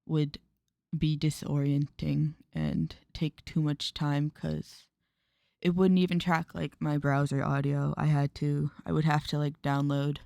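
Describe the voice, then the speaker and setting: A relaxed woman streamer chats over a story game at home, quietly amused and casually crude. Her voice sits low and mellow. The sound is close and dry from a desk mic. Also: measured pace, vocal fry, no echo. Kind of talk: casual let's-play chat.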